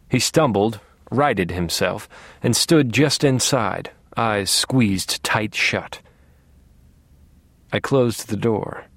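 A man reading a first-person thriller as an audiobook, in a quiet, measured, menacing voice that sinks to near-whispers. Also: fairly low pitch, no room sound. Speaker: audiobook narrator.

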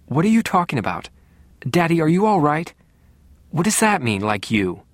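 Male narrator doing a distraught daughter, higher pitch, pleading, quick worried questions. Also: very animated, no echo. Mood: upset, demanding. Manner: demanding, on the edge of tears. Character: anxious young adult daughter, pleading.

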